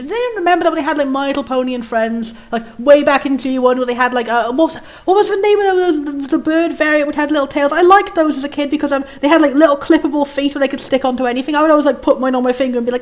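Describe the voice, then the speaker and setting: A woman hosting a casual game playthrough, chatting in a rambling way and reading the game's text aloud in a lower, solemn tone. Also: expressive, fast, few pauses. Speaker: let's play host. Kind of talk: casual gameplay commentary.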